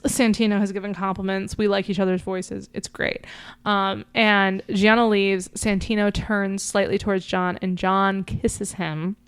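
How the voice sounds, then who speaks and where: A woman's voice: mid-range voice, clean tone, no echo. A woman podcast co-host casually recapping a book's plot, chatty and full of fillers, briefly acting out quoted lines. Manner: chatty, lots of likes and ums, acts out quoted lines. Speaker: podcast co-host summarizing a book. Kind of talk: casual chat recapping a story.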